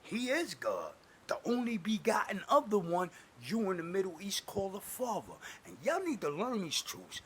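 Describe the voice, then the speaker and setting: A man delivering an angry, preachy religious rant to camera, cursing and swinging between booming declarations and muttered asides. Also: wildly swooping pitch, moderate pace, slight background noise. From United States. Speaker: self-styled prophet posting online videos.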